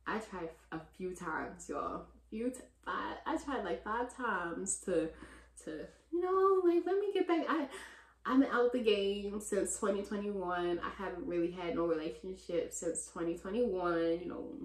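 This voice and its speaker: A young woman in her twenties chatting casually in a Q&A vlog, talking to her viewers as "y'all" and getting loud and animated when she vents. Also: on the low side, unhurried. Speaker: vlogger answering viewer questions. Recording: roomy echo.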